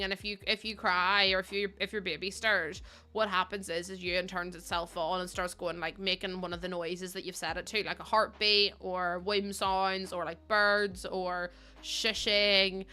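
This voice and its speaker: Bright chatty Northern Irish woman. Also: mid-range voice, steady tone, normal speed, clean tone. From Northern Ireland. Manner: chatty, swearing, laughing storyteller. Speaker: streamer. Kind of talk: casual chat while building in a game.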